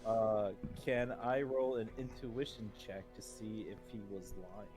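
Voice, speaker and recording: A man playing in a tabletop role-play, asking quiet, hesitant questions. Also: fairly low pitch, measured pace, over music. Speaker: player.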